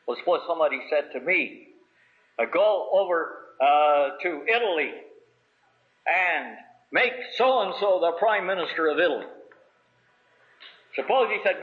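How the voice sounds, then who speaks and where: Man preaching on a tinny old recording. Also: fairly high pitch. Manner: reads scripture in old biblical wording, builds to raised emphatic questions. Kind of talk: sermon.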